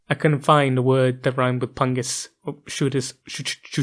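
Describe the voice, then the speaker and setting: A man's voice: medium pitch, flat delivery, moderate pace, few pauses. A man hosting a casual lore explainer, rambling and joking about himself with lots of enthusiasm. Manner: rambling, jokey, self-deprecating, enthusiastic. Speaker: lore video host.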